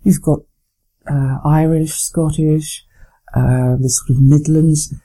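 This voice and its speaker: A middle-aged woman from Lancashire who now speaks English, a former continuity announcer giving measured interview answers with some hesitant restarts. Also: low-pitched, steady tone, warm tone, low-quality recording. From Lancashire, England.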